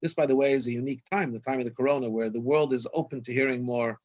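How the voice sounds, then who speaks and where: A man's voice: medium pitch, fairly even intonation, quick pace. A man in his fifties, a rabbi, telling anecdotes in a rambling storytelling way, with many restarts and self-corrections, on a video call. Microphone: video call microphone. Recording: dull lo-fi video call audio.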